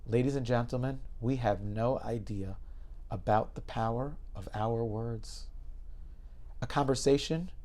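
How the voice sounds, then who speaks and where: A man's voice: medium pitch, unhurried, a little mellow. Male rabbi doing an inspirational story talk, medium voice, very dramatic and emphatic.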